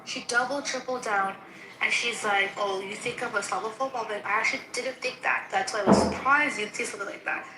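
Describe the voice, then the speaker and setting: A woman in casual, heated conversation, animated and indignant, acting out both sides of a quarrel she is retelling. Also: on the high side, a little fast. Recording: echoey room with faint noise.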